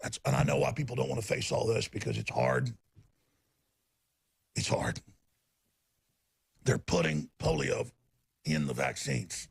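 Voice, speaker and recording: A male talk show host delivering an angry, profane broadcast tirade, shouting often. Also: medium pitch, very animated, takes it slowly, creaky, long pauses, a little hiss or hum. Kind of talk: ranting broadcast monologue.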